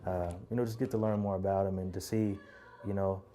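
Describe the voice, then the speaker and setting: Deep, mellow-voiced man in an interview. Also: brisk. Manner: relaxed, many fillers. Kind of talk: casual interview.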